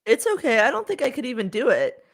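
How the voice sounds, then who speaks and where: A woman's voice: fairly high pitch, wildly swooping pitch, fast. Woman, podcast co-host, casual chat, giggly, rambling, repeats herself. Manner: chatty, giggly, lots of fillers and repeats.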